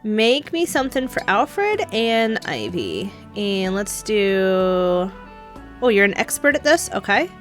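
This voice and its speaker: A chatty young woman narrating her gameplay, thinking out loud and laughing often. Her voice sits in a middle range, with faint game music underneath. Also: mid-range voice, very animated, slow. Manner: chatty, giggly, thinking aloud. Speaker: gameplay streamer. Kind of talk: casual gameplay commentary.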